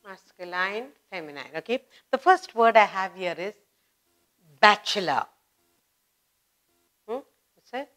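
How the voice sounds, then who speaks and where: A woman with an Indian English accent teaching a beginner grammar lesson, slowly repeating word pairs with emphasis. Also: mid-range voice, expressive, fairly bright tone. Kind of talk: slow classroom grammar lesson.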